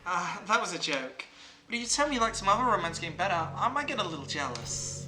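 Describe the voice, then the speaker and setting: A streamer reads aloud a visual novel's affectionate teenage club president, keeping it plain, half-amused and tender. The mid-range voice, close to everyday speech, is very animated and quick. It's a roomy recording with a noisy background and game music playing.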